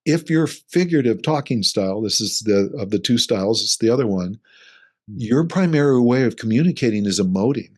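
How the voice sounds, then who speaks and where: With an animated, brisk delivery and a medium-pitched, slightly mellow voice, the middle-aged relationship coach explains his ideas in a casual interview. He stays earnest and acts out examples as he goes.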